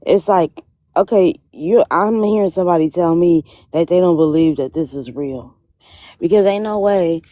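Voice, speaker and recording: A woman chats on a livestream in a very low voice. She speaks slowly, with a lot of lift and fall in her pitch. The sound is dry and close. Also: no room sound. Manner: relaxed, expressive, laughing. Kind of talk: casual livestream chat.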